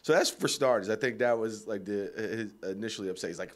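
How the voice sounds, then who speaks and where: A man's voice: fairly low pitch, fast. A man co-hosting a radio show, talking sports casually, rambling with lots of fillers and frequent laughter.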